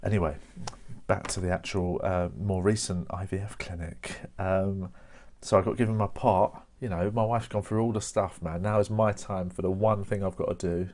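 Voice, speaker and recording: A man's voice: low voice, steady tone, normal speed, a little mellow. A young man. He keeps it chatty, laughing at his own lines and tossing in "mate" and "innit". He performs at home to a camera, with no audience to answer him. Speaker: stand-up comedian. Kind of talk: stand-up storytelling without an audience.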